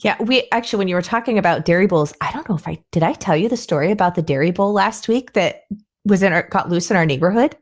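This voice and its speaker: Animated woman telling a farm story. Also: fast talker. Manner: animated, acts out quoted voices with rising pitch. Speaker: podcast host. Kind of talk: casual conversational storytelling.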